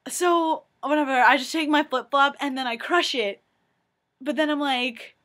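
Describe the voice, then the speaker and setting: Bright, chatty young woman vlogging. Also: high voice, normal speed. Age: young adult. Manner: chatty, excitable, lots of "like". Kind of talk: casual vlog chat.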